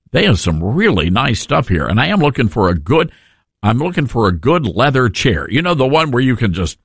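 A man's voice: mid-range voice, fairly bright tone, no echo, clean studio sound. A man hosting a talk show, speaking in a folksy, enthusiastic way. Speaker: radio talk host. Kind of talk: casual talk radio monologue.

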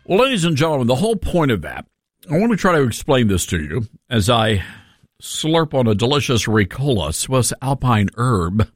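A man hosting a talk radio show, animated and sarcastic in his commentary. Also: medium pitch, normal speed, no echo, clean studio sound, soft background music. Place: radio studio.

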